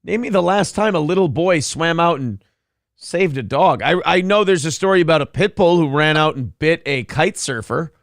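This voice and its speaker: Man, talk show co-host, sarcastic commentary, lively pitch, dry close sound. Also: normal speed, no room sound. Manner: mocking, sarcastic, laughs often.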